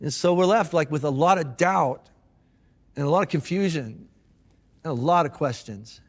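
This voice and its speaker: A man's voice: on the high side, normal speed, big-room sound. A man preaching a sermon as a pastor, talking casually and conversationally with slang and restarts.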